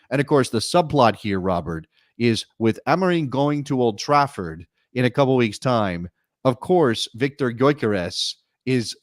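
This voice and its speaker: A man co-hosting a soccer talk show, talking in an animated, wry way with many quick restarts. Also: medium pitch, no room sound, studio quality. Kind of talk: casual sports talk.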